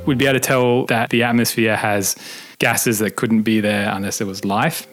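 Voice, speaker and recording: Low-ish male astronomer, calm patient explainer, easy going with a bit of humour. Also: normal speed, faint music behind. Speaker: astronomer answering kids' questions. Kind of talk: relaxed explanatory interview talk.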